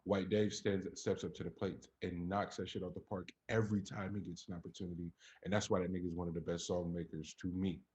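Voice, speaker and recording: A man with a very deep voice holds forth in relaxed podcast chat. He talks with blunt conviction, lacing his points with profanity and climbing in energy when he presses an argument. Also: fast talker, hardly any pauses. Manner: emphatic, profane, builds up to animated peaks. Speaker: podcast co-host. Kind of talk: casual chat.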